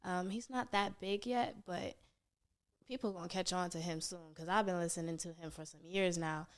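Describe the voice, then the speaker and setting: A woman's voice: fairly low pitch, fairly even intonation, moderate pace. Laid-back young New York woman. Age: young adult. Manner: laid-back, laughs often, slangy. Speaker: rapper guest. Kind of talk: casual interview chat.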